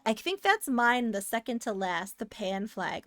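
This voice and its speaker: A woman streaming a retro adventure game, chatting casually and playfully with her viewers and breaking into loud bursts of frustration. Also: a little high, very animated, normal speed, no room sound, clean studio sound. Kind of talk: casual live-stream commentary.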